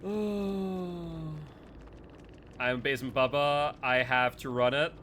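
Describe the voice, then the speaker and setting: Excitable man streaming a game. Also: fairly high pitch, slow, slight background noise. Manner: excitable, jumps to shouting when startled, laughs often. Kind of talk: live gameplay commentary.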